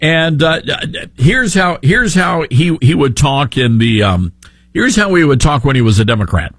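A man's voice: fairly high pitch, sing-song, moderate pace, fairly bright tone, husky, no room sound, studio quality. A man with a Southern accent hosting a talk radio show, sarcastic and opinionated.

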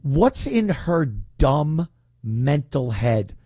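A man's voice: mid-range voice, very animated, drawn-out words, mellow, slightly rough, no echo, clean studio sound. A man hosting talk radio, speaking in a mocking, opinionated way. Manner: mocking, puts on whiny voices to ridicule. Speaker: radio talk show host.

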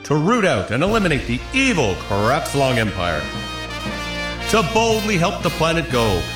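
Guy doing a big dramatic space captain, voice swoops up and down, loud music behind. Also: fairly high pitch, wildly swooping pitch, moderate pace, reverberant. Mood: commanding. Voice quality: grand, dramatic delivery. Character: bold starship captain, adult man. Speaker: voice in a radio ad. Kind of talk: spoof space-show radio ad.

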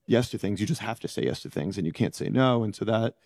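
Low, mellow-voiced man, halting. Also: animated, dry recording, clean studio sound. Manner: halting, searching for words. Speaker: interview guest, former prisoner. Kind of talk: reflective interview answers.

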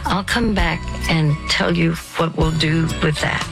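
An older woman counsels listeners in a slow, gentle voice, pausing and restarting as she speaks. Her voice sits a little low, and soft music plays faintly beneath her. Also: poor audio. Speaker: radio ministry host.

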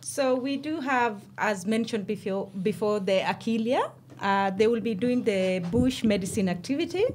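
A woman guest on a radio show, running through a list of event activities. Her voice is fairly high and she speaks in an informative way. Faint ambient sound sits behind her. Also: animated, normal speed, darkish tone, slight background noise. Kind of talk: radio interview.

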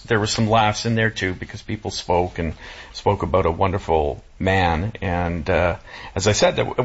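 Halting emotional man, husky and low. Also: a bit bright. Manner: halting, full of fillers and restarts. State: emotional, close to tears. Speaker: guest. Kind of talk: casual chat. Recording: dull lo-fi sound.

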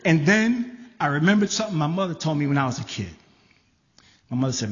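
High-voiced, animated New storyteller, live stage in a reverberant hall. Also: male voice, fast, lo-fi sound, noisy background. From the Bronx, New York. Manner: animated, shouting in quotes, laughing through lines. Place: theater stage.

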